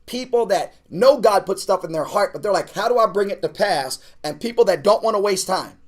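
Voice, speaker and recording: A man's voice: high voice, lively intonation, a little fast. A man, a pastor, talking casually to an online class, urging and repeating himself as he builds energy. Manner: repetitive, exhorting, building to shouts; casual, uses "man" and "y'all". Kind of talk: energetic preaching pitch to an online audience.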